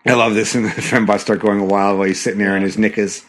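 A man's voice: fairly low pitch, flat delivery, fast. Giggly rambling male podcast host. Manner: giggly, rambling film fan. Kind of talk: casual chat watching a film.

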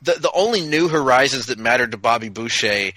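A man co-hosting a casual TV recap chat, talking enthusiastically in quick bursts with frequent restarts. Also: mid-range voice, animated, pushed and bright, no room sound, poor audio. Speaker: podcast co-host.

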